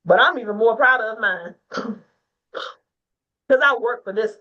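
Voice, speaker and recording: A woman hosting a women's forum over a video call, her voice bright and fairly high. She talks emphatically, like a preacher. The call audio is dull and lo-fi. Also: unhurried, recorded from a distance. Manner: emphatic, preachy, rising to a near-crying rally. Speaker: host of a women's agent forum. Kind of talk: casual chat.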